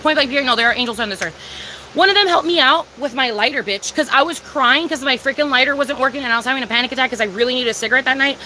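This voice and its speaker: A young woman chats on a livestream from home in a high, bright voice. She swears freely and answers her viewers with emphatic agreement. Faint noise sits behind her. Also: fast talker. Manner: profane, emphatic, talking back to chat. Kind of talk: casual live chat.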